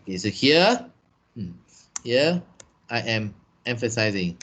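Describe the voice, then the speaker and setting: A trainer with a Malaysian English accent teaches a business writing class over a video call, slowly repeating points and checking understanding with "okay" and "eh." His mid-range voice is sing-song and fairly bright with a breathy edge.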